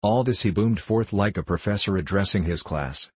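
A man narrating an audiobook in a measured storytelling manner. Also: on the low side, husky, no echo.

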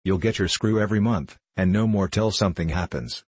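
In this audiobook character reading, a man voices a contemptuous foreign diplomat who schemes, mocks and sneers in a low, guttural tone with a husky edge. His manner is sly and condescending, his tone darkish, his pace a little fast. The recording is close and dry.

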